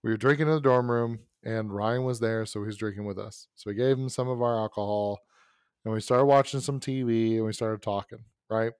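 Rambling casual storyteller, dry sound. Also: male voice, on the low side, fairly even intonation, a little fast, darkish tone, smooth, dry recording. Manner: rambling, self-correcting anecdote with frequent asides. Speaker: podcast host telling a story.

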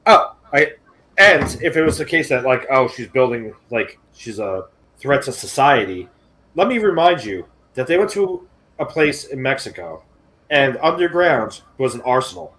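A male podcast co-host with a mid-pitched, everyday voice. He talks in casual chat with a sardonic, profane storytelling edge. His delivery stays conversational and dry. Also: lively intonation, moderate pace, fairly bright tone, poor audio.

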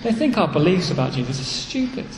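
A man with an English accent preaching a sermon as a pastor, earnest and animated, repeating key phrases. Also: a little high, quick pace, a little hiss or hum. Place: church. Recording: echoey church hall, faint ambience.

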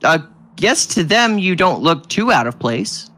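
Bright-voiced male game master. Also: high voice, very animated, measured pace. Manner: descriptive, with restarts and sound effects. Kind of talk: narrating a tabletop game.

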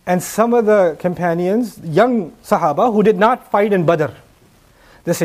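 A man's voice: high-pitched, fairly quick, darkish tone. A man giving a sermon, emphatic, with repeated rhetorical questions. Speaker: preacher.

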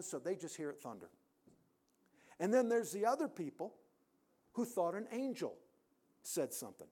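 A man preaching a sermon in a church, emphatic, rising to loud peaks and dropping to quiet endings. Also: sits high.

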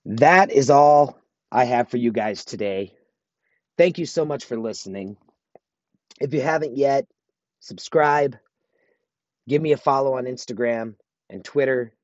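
Solo podcast host, male, mid-pitched, earnest pep-talk delivery; dry, dull lo-fi recording. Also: unhurried, pauses often, a little mellow, no echo. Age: adult, married. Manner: earnest, motivational, repeats himself for emphasis.

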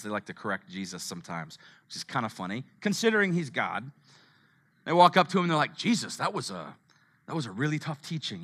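A male pastor preaching a sermon in a lively, conversational way, calling out to the congregation and reading scripture aloud. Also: a little high. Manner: energetic, calls out to the congregation; conversational with fillers.

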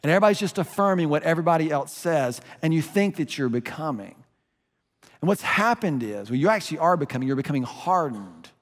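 Male pastor, passionate sermon delivery, higher voice, long sanctuary reverb. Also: expressive, fast. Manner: passionate preaching, swings from soft to emphatic. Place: church sanctuary.

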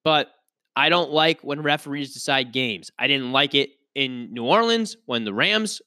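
A man's voice: medium pitch, animated, unhurried, sharp tone, no room sound, studio quality. A man hosting a solo sports podcast, ranting in a frustrated, emphatic way and often restarting his sentences. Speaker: podcast host.

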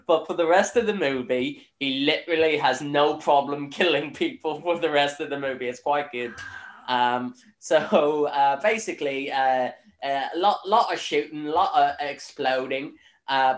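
A young Northern Irish man recapping a film in casual chat, rambling with lots of fillers, swearing and laughing. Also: a little high. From Northern Ireland. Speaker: podcast host. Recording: echoey room.

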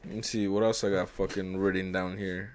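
A man's voice: deep voice, little pitch movement, a little fast. A young man, co-hosting a casual podcast, rambling and swearing constantly, often laughing and acting out quotes. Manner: profane, rambling, laughs a lot, acts out quotes. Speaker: podcast co-host.

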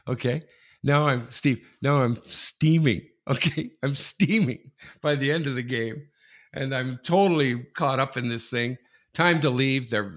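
A man in his forties co-hosting a casual sports podcast, telling a rambling anecdote full of restarts that builds to loud excitement. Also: medium pitch. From Canada. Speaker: podcast co-host. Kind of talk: casual sports talk, storytelling.

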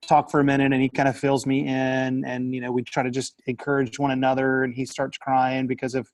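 A man's voice: medium pitch, monotone, fairly quick, no room sound. A man hosting a parenting podcast, talking in a chatty, casual way with lots of fillers. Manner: chatty, warm-hearted with frequent fillers. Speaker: podcast host.

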